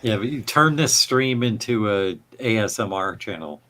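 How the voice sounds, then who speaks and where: A man's voice: on the low side, expressive, normal speed, background noise. A man co-hosting a live stream, chatting casually and helpfully, passing on tips and chat comments.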